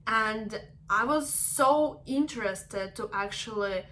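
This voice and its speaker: Bright-voiced woman vlogger. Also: a little high, slow, slight background noise. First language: not English. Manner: chatty, earnest, acts out quotes of others. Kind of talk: casual advice vlog.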